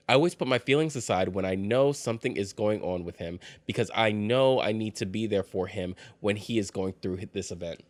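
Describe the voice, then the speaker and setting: A man hosting a show reacting to relationship posts, talking casually with sass and high-pitched bursts of laughter. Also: dry recording. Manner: animated, sassy, bursts into high-pitched laughter and mocking voices. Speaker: host reacting to reddit posts. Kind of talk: casual commentary.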